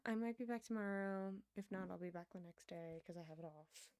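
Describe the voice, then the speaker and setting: A woman's voice: mid-range voice, fairly quick, a little mellow, clear, resonant tone, dry recording. A young woman streamer chatting casually while she plays a building game, rambling to her viewers. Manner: chatty, rambling, talks to chat while playing.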